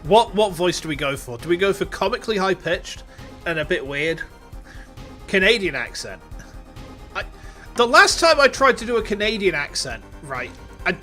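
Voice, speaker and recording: A young British man streaming a game, animated and joking, swearing and stammering as he comments. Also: high voice, moderate pace, faint music behind.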